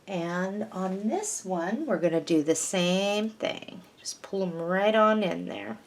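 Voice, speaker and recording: A woman's voice: mid-range voice, slow. A woman hosting a craft tutorial, patiently talking through each step of a paper flower project as she works.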